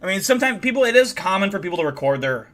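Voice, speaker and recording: A man's voice: sits high, very animated, racing, fairly bright tone. Ranting, foul-mouthed male streamer. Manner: ranting, profane, incredulous. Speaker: streamer host. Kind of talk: live stream reaction commentary.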